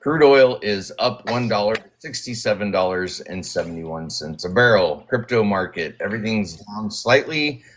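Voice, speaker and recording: A man giving a brisk, matter-of-fact market rundown on a live stream, with dry asides. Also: lowish voice, expressive. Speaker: market report regular.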